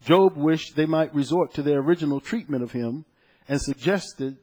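A man with a husky, slightly high voice preaches a sermon. He talks like he is chatting with the congregation and tells personal stories between Bible verses. His delivery swings from quiet, low asides to loud, raised points. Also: normal speed. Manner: conversational, animated storytelling with scripture quotes.

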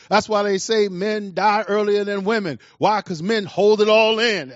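A middle-aged man preaching a sermon, emphatic, repeating key lines and swinging between soft and loud delivery. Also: high voice, steady tone, moderate pace, hardly any pauses, dry recording. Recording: dull dry recording.

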